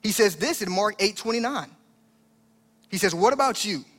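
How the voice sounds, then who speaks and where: A man's voice: high-pitched, lively intonation, normal speed, a bit bright, big-room sound. A man preaching a sermon as pastor, in a conversational style that acts out the lines he quotes.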